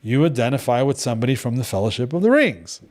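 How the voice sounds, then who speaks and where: A man's voice: medium pitch, very animated, fast, a little mellow. A middle-aged man leading a devotional gathering in casual talk, telling stories bluntly with many restarts. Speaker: devotional group leader.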